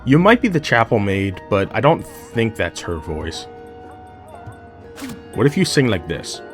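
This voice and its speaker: A man's voice: lowish voice, sing-song, measured pace. A man casually commenting on a video game, joking and exasperated as he talks to the characters. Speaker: gaming video host. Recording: loud game music and chorus behind voice.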